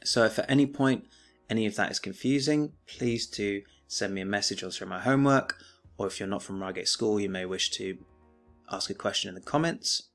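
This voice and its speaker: Low-voiced male teacher. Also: fairly bright tone, soft background music. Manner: measured, declaiming the poem, then explaining plainly. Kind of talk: remote lesson, poem reading and annotation.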